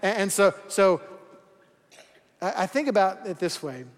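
A man's voice: high voice, expressive, a little slow. A man preaching a sermon in a casual, joking way, acting out quoted voices as he goes. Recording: long hall reverb.

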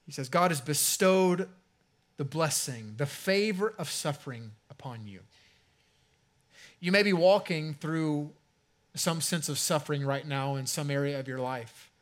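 The pastor's voice is fairly high as he gives a sermon that sounds like talking with the room. When a phrase matters, he slows right down, and his endings drift off softly.

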